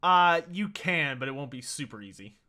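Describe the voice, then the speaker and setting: A man narrating a tabletop game as game master, with halting speech and many fillers. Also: on the high side, lively intonation, bright, forceful tone.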